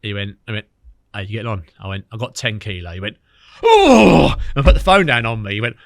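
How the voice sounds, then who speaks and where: A man, a podcast guest telling lively stories in casual chat, acting out what others said. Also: on the low side, no room sound, clean studio sound. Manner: fast, animated storytelling with quoted dialogue.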